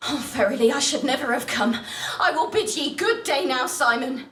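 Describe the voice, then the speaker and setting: An actress playing a proud, coughing Elizabethan mother in a game, speaking in archaic, sharp-tongued phrases. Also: high-pitched, lively intonation, normal speed, echoey room, recorded from a distance, a little hiss or hum. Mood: indignant.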